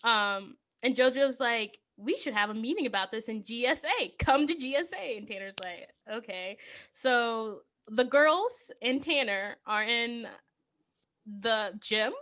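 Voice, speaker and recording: A woman talks through a movie plot for her podcast co-hosts, slipping into little voices for each character and laughing as she goes. Her voice sits a touch high and rings bright and clear. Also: measured pace. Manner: animated storytelling with voiced quotes and frequent laughter. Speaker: podcast co-host recapping a film. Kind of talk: casual chat.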